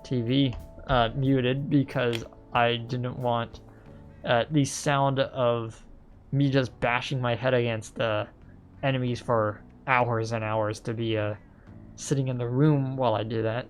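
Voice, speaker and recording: A man's voice: mid-range voice, steady tone, a little slow. A man chats casually while playing a video game, drifting into loose, rambling asides full of fillers. His voice sits in a middle register, with faint game music underneath. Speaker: streamer. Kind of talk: casual let's-play commentary.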